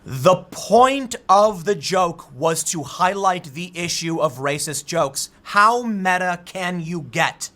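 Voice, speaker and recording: A man's voice: high-pitched, slow, few pauses. A man giving solo commentary on news stories, reading out articles and riffing with frequent restarts. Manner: animated, reads out articles then riffs with restarts. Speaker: political commentator.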